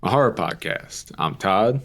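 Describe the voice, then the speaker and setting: A man's voice: lowish voice, expressive, a little slow, over loud music. A young man co-hosting a podcast in a casual chat, rambling and chatty with lots of "like" and the odd curse word. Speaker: podcast co-host.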